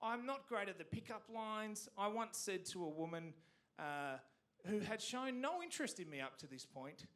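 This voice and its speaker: High, animated Australian stand-up comic. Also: male voice, normal speed. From Canberra, Australia. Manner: self-deprecating, lots of restarts. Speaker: stand-up comedian. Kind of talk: stand-up comedy set. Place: theatre stage.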